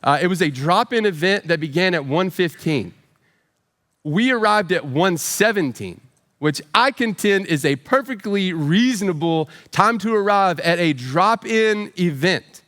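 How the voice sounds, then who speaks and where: A man in his forties, a pastor preaching a storytelling sermon with self-deprecating humor and animated voices for quotes. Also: high-pitched, measured pace, big-room sound. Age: 40s.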